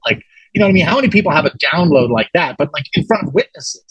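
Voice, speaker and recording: A man telling a story as a guest in a casual interview, animated and excitable, with many restarts. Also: on the high side, quick pace, breathy edge, dry recording, rough recording.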